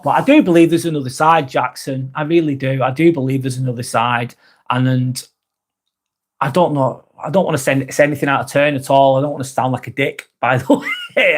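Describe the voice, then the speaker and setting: A man hosting a live vlog, talking frankly and earnestly, swearing often and restarting his sentences. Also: medium pitch. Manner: earnest and sympathetic. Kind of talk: casual live-stream chat.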